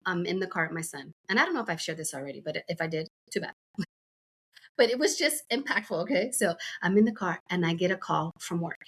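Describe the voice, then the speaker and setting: A middle-aged American podcast guest chats casually, her voice low-leaning, a bit bright and slightly rough. She tells a rambling story crowded with fillers and asides.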